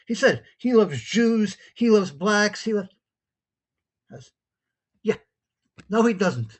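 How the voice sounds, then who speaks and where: Husky, animated New York man ranting. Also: high voice, unhurried, pauses often. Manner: animated, incredulous, acts out both sides of a dialogue. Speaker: podcast host. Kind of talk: opinionated monologue, retelling a call-in exchange.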